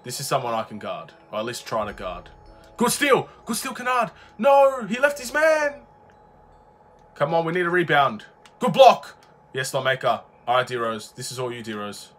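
A young Australian gaming YouTuber commentates live on his basketball video game at a normal pace, with faint music behind him. He's excitable, swinging from low muttering to frustrated shouts.

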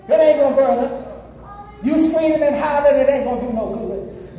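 A woman's voice: high voice, fairly quick, mellow, slight background noise. A woman evangelist preaching a sermon, emphatic, half-singing phrases and calling out to the congregation. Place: church sanctuary. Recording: echoey church hall from far off.

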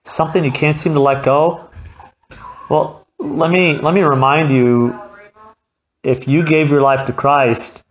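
Very low-voiced woman preaching conversationally. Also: steady tone, measured pace, muffled recording. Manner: conversational, acting out quoted voices. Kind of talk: sermon. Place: church altar gathering.

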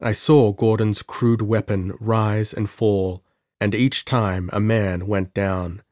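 A man narrating an audiobook with measured, dramatic delivery. His voice is low and unhurried, recorded close and dry with no room sound. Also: flat delivery, darkish tone, no room sound.

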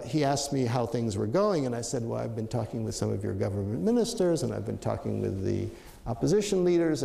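An older man speaks in a storytelling lecture, his voice gravelly and mellow. He muses and restarts his sentences as he recounts events and draws a lesson from them. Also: mid-range voice, echoey room. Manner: anecdotal, reflective, with many fillers and restarts. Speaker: speaker giving a talk.

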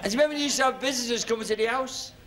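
A man's voice: extremely high pitch, racing, crowd noise. A man doing a stand-up routine, reminiscing and throwing tag questions at the audience. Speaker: stand-up comedian. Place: working men's club stage. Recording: 1970s TV club recording, noisy with audience laughter.

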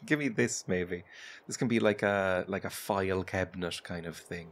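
A man's voice: deep voice, steady tone, unhurried. A man hosting a home-streamed game video, chatting casually and self-deprecatingly as he plays. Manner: rambling, self-deprecating, chatty with frequent laughs. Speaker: gaming channel host. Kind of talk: casual let's-play commentary. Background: game music playing clearly.

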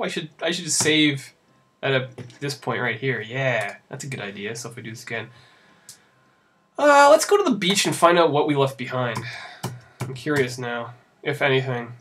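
A man's voice: mid-range voice, very animated, moderate pace, pauses often, fairly bright tone, faint music behind. A young man commenting sarcastically over a visual novel he plays, rambling and laughing at it. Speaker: let's play host. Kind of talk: casual gameplay commentary.

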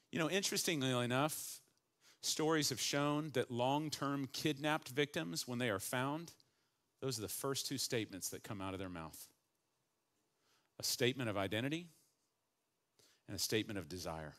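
A middle-aged man, a pastor preaching a sermon with animated swings from hushed to loud. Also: medium pitch, moderate pace.

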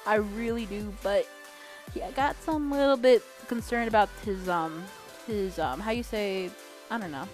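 A young woman talks casually to her gaming audience, rambling along with plenty of "um"s and quick self-corrections. Her voice sits at a middling pitch for a woman, and faint music plays underneath. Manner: rambling and chatty, with many fillers and self-corrections; swears casually. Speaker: gaming channel host. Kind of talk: casual vlog chat.

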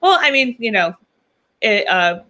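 A young woman from New York talks as a guest on a podcast in a loose, chatty way. Her voice is bright and forward, and her sentences are full of fillers and small laughs. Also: on the high side, very animated, unhurried. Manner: chatty, laughs often, many ums and likes. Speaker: podcast guest, political commentator. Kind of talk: casual interview chat.

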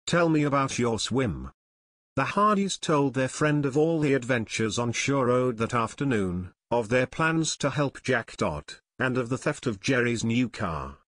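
A man narrating an unabridged youth mystery audiobook in an even reading. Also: medium pitch, a little slow, hardly any pauses, no echo, studio quality. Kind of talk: scripted narration.

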